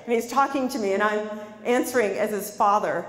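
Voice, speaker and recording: A middle-aged woman life coach giving a lively motivational talk to an audience, telling stories and asking the crowd questions. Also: medium pitch, moderate pace. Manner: storytelling, animated, asks the audience questions. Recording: long hall reverb from a stage.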